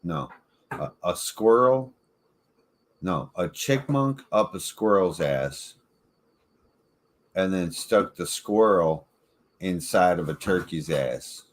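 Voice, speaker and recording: A man's voice: sits low, animated, slow pace, long pauses. A man hosting a casual chat, rambling, swearing freely and laughing often. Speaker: podcast host.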